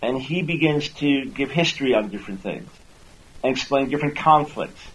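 Poor audio captures a man with an expressive, fairly bright mid-range voice talking at a moderate pace. He is a radio host and Christian apologist who teaches listeners earnestly, repeating words as his points build and acting out quoted lines in a raised voice.

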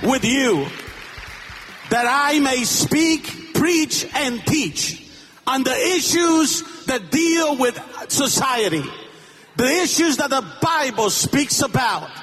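A man's voice: very high-pitched, expressive, slow pace, a bit bright, breathy edge. A man preaching in an impassioned, declamatory way at a rally, recorded live. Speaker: pastor. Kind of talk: shouted sermon at a rally. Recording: live rally clip with crowd and music. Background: crowd and music.

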